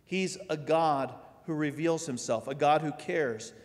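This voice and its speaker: A man's voice: a little high, a little slow. A man preaching a sermon as pastor in a conversational way, asking his listeners rhetorical questions. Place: church sanctuary. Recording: long hall reverb.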